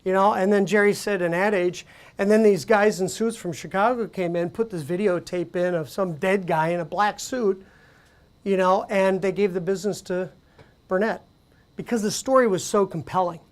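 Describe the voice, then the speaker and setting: A woman presenting at a conference, speaking conversationally with animated storytelling and frequent fillers. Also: mid-range voice, normal speed. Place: conference venue.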